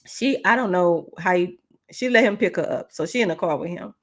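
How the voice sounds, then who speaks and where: A woman relationship coach hosting a podcast, telling a story in an animated, conversational way and speaking straight to her listeners. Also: lowish voice, brisk. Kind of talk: casual storytelling.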